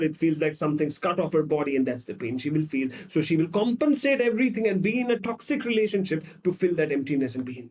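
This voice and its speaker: A man, a psychologist guest on a podcast, tells stories dramatically and acts out the scenes, swinging between loud and soft. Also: a little high. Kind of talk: podcast conversation.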